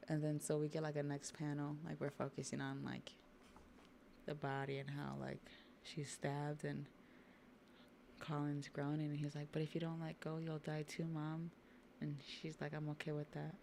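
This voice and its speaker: A woman's voice: low-pitched, monotone, moderate pace, creaky, warm tone, a little hiss or hum. A woman streamer reacting emotionally and swearing as she reads a manga aloud. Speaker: streamer reading manga live. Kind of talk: casual reaction chat.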